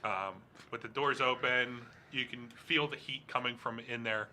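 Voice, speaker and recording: A man narrating a tabletop game as game master, in rambling, halting narration full of fillers. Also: mid-range voice, steady tone, bright, forceful tone, slight background noise.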